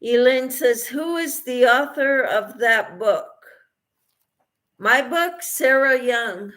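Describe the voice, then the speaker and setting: A woman's voice: sits high, expressive, slow pace, fairly bright tone. A woman hosting a casual crochet livestream, reading viewer comments aloud and answering them, tired late at night.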